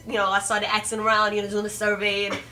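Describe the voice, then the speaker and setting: A woman comedian telling a casual story with a relaxed, wry manner. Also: mid-range voice, quick pace, distant mic, rough recording. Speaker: comedian guest.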